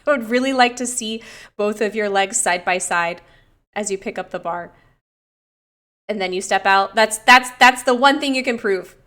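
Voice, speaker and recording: A young woman personal trainer casually reviewing clients' lifting technique, chatty and given to swearing and gushing excitement. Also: medium pitch, normal speed.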